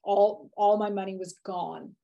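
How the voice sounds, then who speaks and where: A woman's voice: medium pitch, steady tone, a little slow, vocal fry, mellow, dull audio. A woman in her late forties, a podcast guest, candidly telling stories and acting out her own thoughts. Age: 40s. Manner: candid storyteller, acts out her own inner voice. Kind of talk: casual interview chat.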